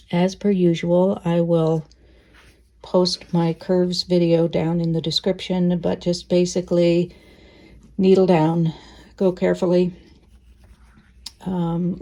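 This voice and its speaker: Slow, gravelly-voiced woman quilting. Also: on the low side. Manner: relaxed, thinking aloud, gentle asides. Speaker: quilting teacher. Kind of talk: casual sewing tutorial.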